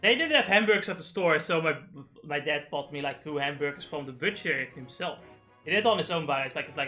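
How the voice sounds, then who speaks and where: A man's voice: on the high side, fast talker, faint music behind. A young man streaming a game live, rambling and swearing while he has the hiccups. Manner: rambling, profane, excitable. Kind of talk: live gaming stream chat.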